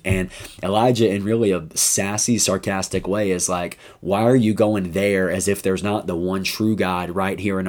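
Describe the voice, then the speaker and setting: A man who is a high school youth pastor, talking through a Bible chapter in an upbeat, chatty podcast style full of asides. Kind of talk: casual devotional podcast talk.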